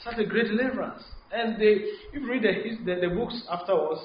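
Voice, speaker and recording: A man preaching a sermon, mixing English and Twi, halting and repeating words as he restarts. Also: high-pitched. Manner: switches between English and Twi mid-sermon. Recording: echoey room, dull lo-fi, faint hiss.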